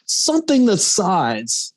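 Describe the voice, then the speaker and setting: A male podcast host with a fairly high, very lively voice, heard close and dry. He talks bluntly, swears casually, and keeps chiming in with quick short replies. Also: dry recording. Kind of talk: casual conversation.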